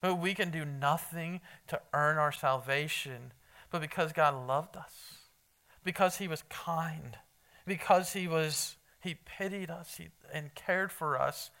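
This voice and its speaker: Male preacher, high bright voice, crisp and clean, chatty and emphatic, quizzes the room. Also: measured pace. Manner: conversational, quizzes the congregation, emphatic. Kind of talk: evening sermon with Bible reading.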